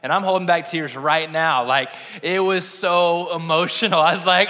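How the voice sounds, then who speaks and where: Chatty young pastor in an echoing hall. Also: male voice, on the high side, steady tone, normal speed, hardly any pauses, bright, forceful tone. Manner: chatty, self-deprecating, laughs at himself. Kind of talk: casual conversational sermon. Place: church sanctuary. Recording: long reverb in a hall.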